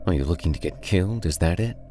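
A man's voice: low-pitched, lively intonation, quick pace, warm tone, soft background music. A man voicing a small, tormented female fairy in a horror story, agitated and talking to herself.

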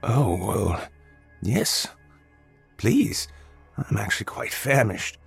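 A man voicing a frail old homeless man in a read-aloud story, with a hoarse, scratchy, courteous and formal way of speaking. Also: fairly low pitch, sing-song, slow pace, soft background music, voice pushed up, full character voice. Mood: grateful, courteous. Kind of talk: storybook narration.

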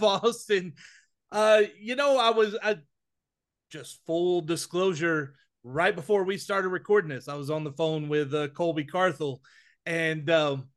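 A man co-hosting a college football podcast, talking emphatically with quick restarts. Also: a little high, a bit bright. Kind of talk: casual sports podcast chat.

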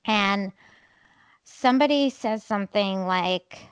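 A woman's voice: mid-range voice, slow pace, smooth, no echo. A woman co-hosting a podcast, telling a story in casual chat with frequent laughs. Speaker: podcast co-host.

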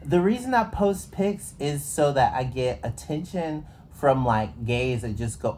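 A man's voice: medium pitch, unhurried, few pauses, a little mellow. A man talking as a comedian guest on a casual podcast, playful and riffing jokes.

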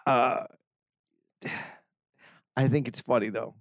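A man co-hosting a podcast in casual chat, laughing often in lively banter. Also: medium pitch, slow, gravelly, no echo, studio quality. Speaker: podcast co-host.

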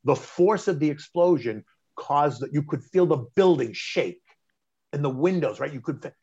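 A middle-aged man, telling a personal story in conversation, animated and emphatic, often restarting mid-phrase. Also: a little high, moderate pace, husky. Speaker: interview guest recounting a personal story. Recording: dull lo-fi sound.

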